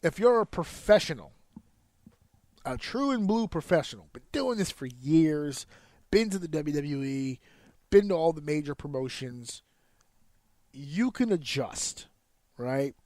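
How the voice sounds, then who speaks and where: A man's voice: a little high, animated, a little slow, long pauses, darkish tone, no echo, studio quality. A man, a wrestler hosting a podcast, explains in a casual, profane monologue, counting out rhythms with sound effects.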